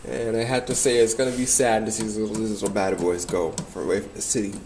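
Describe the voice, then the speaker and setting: A young man talks casually to the camera, rambling through old memories and laughing often. His voice sits a little low. Faint outdoor ambience can be heard behind him. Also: little pitch movement, fast, a little mellow, slight background noise. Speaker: vlogger.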